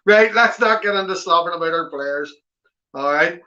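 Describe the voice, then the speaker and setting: A man's voice: high-pitched, moderate pace, sharp tone. A man hosting a live football watchalong from home, reading viewer comments aloud and teasing them in chatty banter. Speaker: watchalong host. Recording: slightly dull lo-fi audio.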